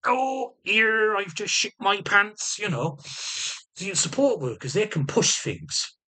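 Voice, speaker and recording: A man's voice: sits high, big pitch swings, slow pace, bright, forceful tone. A man in a casual video diary, rambling emotionally, swearing heavily and stammering through restarts. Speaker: vlogger.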